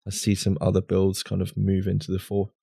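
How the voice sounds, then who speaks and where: A man co-hosting a gaming podcast in a loose, rambling chat. His voice sits on the low side. The sound is close and dry, with no room around it. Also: completely flat delivery, a little fast, gravelly, warm tone, husky, no room sound. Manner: rambling, restarts, filler words. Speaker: podcast co-host. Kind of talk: casual chat over drinks.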